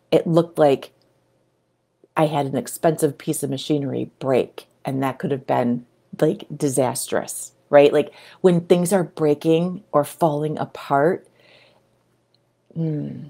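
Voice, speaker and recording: A middle-aged woman talking casually to camera as a coach, animated and breaking into excited exclamations. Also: lowish voice. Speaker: video creator and coach.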